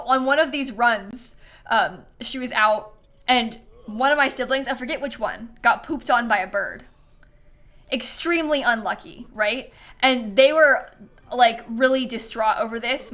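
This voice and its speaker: A woman with a bright, high-leaning voice streams a game at a measured pace. She's a chatty storyteller, keeping things casual and breaking into laughter frequently.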